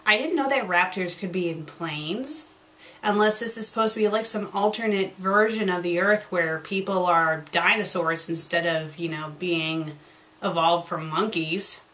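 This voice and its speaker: A woman's voice: fairly low pitch, normal speed, fairly bright tone. A woman reviewing fan fiction, reading passages aloud and breaking in with sarcastic, exasperated commentary.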